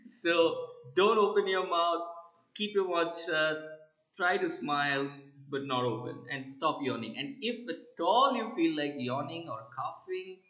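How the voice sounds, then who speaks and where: A middle-aged man, a soft skills trainer, gives emphatic interview tips to camera and keeps checking in with "right?". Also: fairly high pitch, animated, a little slow. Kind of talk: instructional talk to camera. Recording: roomy, slightly dull sound.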